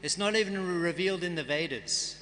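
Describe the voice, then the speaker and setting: A man's voice, pitched high and sharp in tone, moves a little fast as he gives a scripture class in a temple hall as a festival guest speaker. He reads and chants verses, then explains them conversationally, his words ringing in a large hall over slight background noise.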